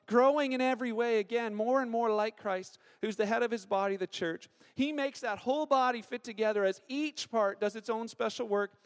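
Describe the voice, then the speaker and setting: A man in his thirties preaching a sermon as a pastor, telling stories with animated acted-out quotes. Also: extremely high pitch, brisk, hardly any pauses, clean tone. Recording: long hall reverb.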